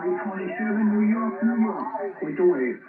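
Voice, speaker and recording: A man's voice: sits high, animated, normal speed. A man calling out over a CB radio in a friendly, clipped way. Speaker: CB radio operator. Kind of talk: radio call-outs. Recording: tinny radio with crowded chatter, distant and echoey.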